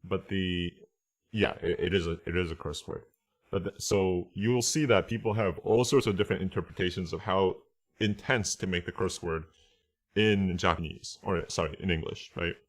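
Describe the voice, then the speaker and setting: A deep-voiced man teaching translation in a relaxed online class. He walks through each point slowly and keeps asking "right?" and "okay?" to check that his listeners follow. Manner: reads Japanese phrases aloud. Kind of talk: casual online lesson.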